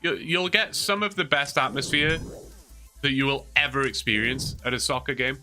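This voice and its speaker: A man's voice: mid-range voice, moderate pace, over music. A young man with a Geordie accent, chatting casually to his livestream viewers and rambling through stories with lots of fillers. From Newcastle, England. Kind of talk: casual chat to stream viewers.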